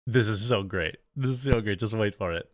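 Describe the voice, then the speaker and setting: A man's voice: lowish voice, brisk, no echo. A man hosting a reaction commentary, mocking and sarcastic as he talks over a clip. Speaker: commentary host.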